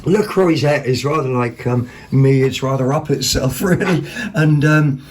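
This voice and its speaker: A chatty man hosting a home vlog, his voice sitting at an ordinary middle pitch. He rambles excitedly through his finds, peppering his talk with ums and quick corrections. A faint background noise sits under the recording. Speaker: vlog host. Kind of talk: casual chat showing second-hand finds.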